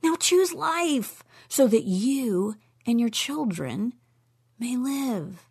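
Animated woman teaching the Bible. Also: on the high side, takes it slowly, gravelly, breathy edge. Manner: animated, emphatic, with playful asides. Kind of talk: teaching talk on Scripture.

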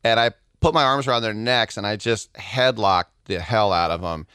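A middle-aged man co-hosting a podcast, chatting excitably about sports in a rambling way. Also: lowish voice, normal speed, smooth, dry recording, clean studio sound. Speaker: podcast co-host. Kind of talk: casual sports chat.

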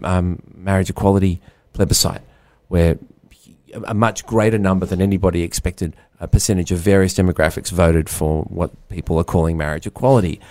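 A man's voice: sits low, a little mellow, dry recording. A middle-aged man co-hosting a casual arts podcast, wry and musing as he talks through a book. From Australia. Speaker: podcast co-host.

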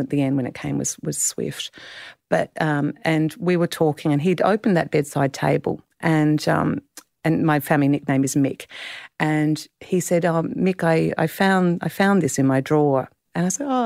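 Australian woman, 50s, author guest; low, gravelly, halting, close dry mic. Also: a little mellow, no room sound. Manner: halting, emotional, many restarts. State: tearful. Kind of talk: podcast interview.

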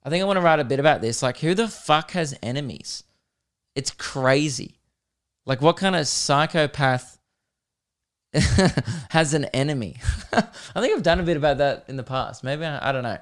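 A young man, hosting a podcast and telling a comedic story in an animated, swearing way, laughing at his own jokes. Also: a little high, normal speed, long pauses. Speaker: podcast host.

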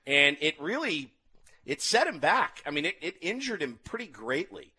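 Animated man, lively storytelling. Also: on the high side, moderate pace, slightly rough. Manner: animated storytelling, acts out quotes. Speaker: podcast co-host. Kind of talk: casual chat reviewing a documentary.

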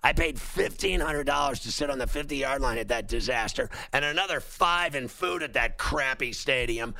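A man's voice: medium pitch, normal speed, vocal fry, pushed and bright, no echo. A man hosting sports talk radio, ranting with sarcastic, emphatic outbursts. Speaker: sports talk show host.

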